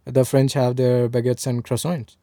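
A man from India co-hosting a casual chat, explaining history in a relaxed way with fillers. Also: medium pitch, moderate pace, dry recording, studio quality. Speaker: podcast co-host.

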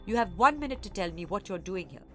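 A woman's voice: mid-range voice, big pitch swings, fast, pushed and bright, faint music behind. A woman doing a stern, quavering old lady. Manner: gruff, curt commands.

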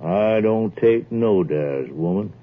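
An actor playing a lazy, boastful young husband in a 1940s radio drama, with a slow, surly rural drawl, on a tinny old radio broadcast. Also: male voice, lowish voice, lively intonation.

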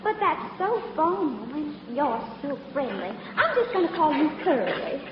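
An actress playing a flirtatious movie star who puts on a sugary southern-belle drawl, in a 1940s radio comedy. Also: female voice, high-pitched, a little slow, a crowd in the background. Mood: syrupy. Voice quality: coy, sugary drawl with mock flattery. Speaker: actress character Gloria LaGrange. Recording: dull old radio recording in a hall with audience.

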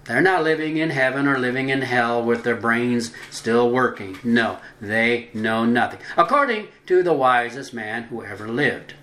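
A man giving scripted religious narration, deliberate, drawing out the words he stresses. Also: medium pitch, sharp tone. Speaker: religious teacher. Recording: roomy echo.

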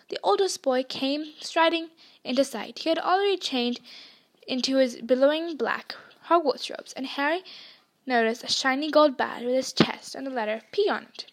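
A woman reading a novel aloud with expressive storytelling. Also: high voice, normal speed. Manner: expressive storytelling, doing character voices. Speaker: audiobook reader.

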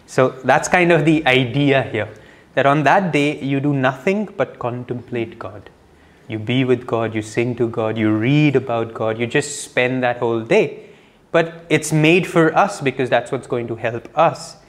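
A man, co-hosting a spiritual discussion podcast, explaining and telling stories in an animated way. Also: medium pitch, measured pace. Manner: animated storytelling with explanations and laughter. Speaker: podcast co-host.

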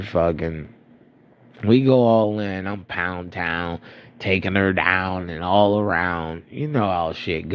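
A man in his thirties from Florida, telling rambling, profane stories about his past in a casual monologue, a bit stuffy-nosed. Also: on the low side. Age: 30s. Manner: profane, rambling, laughing at himself. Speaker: storyteller.

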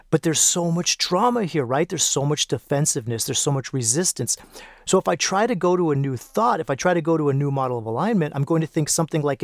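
Calm, reflective man, dry close sound. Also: a little high, no echo. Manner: calm, reflective, repeats phrases for emphasis. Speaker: podcast host. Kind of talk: solo teaching talk.

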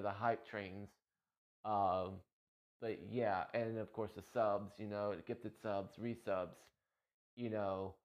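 A man with a somewhat low voice talks to his stream viewers in a casual, heartfelt ramble. He repeats himself often and gets emotional as he goes. The sound is dull and lo-fi, like a cheap streaming mic. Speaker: Twitch streamer.

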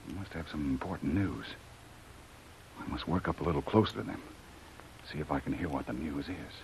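A man's voice: a bass voice, fairly quick, a little mellow. An actor playing a bold jungle hunter hero who mutters his thoughts aloud as he stalks his quarry, in 1940s radio acting. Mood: wary. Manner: muttering to himself. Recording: hissy, muffled old radio transcription.

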